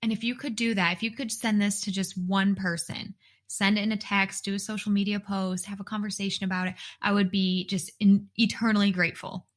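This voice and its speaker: A woman in her thirties talks alone into a mic in her bedroom for her own podcast. Her voice sits at a middle pitch for a woman. She speaks earnestly and from the heart, often doubling words for emphasis. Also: flat delivery, a little fast. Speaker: podcast host and dietitian. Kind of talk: solo podcast monologue.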